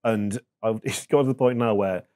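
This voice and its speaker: Reflective man, low voice. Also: darkish tone. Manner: reflective, halting, many fillers. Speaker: podcast guest. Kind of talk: casual chat.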